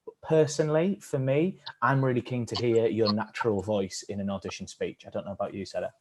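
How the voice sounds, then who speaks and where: A man's voice: on the low side, a little fast, noisy background. Thoughtful man hosting an acting workshop. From England. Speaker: workshop leader. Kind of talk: live-streamed acting workshop.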